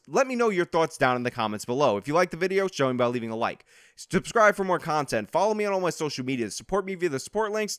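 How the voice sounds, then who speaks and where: A man delivering an angry commentary rant on his channel, scornful and combative. His voice sits fairly high for a man. The sound is dry and close, with no room ring. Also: fairly bright tone, dry recording. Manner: combative, scornful, addresses opponents directly. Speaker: political commentary channel host. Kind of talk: ranting commentary video.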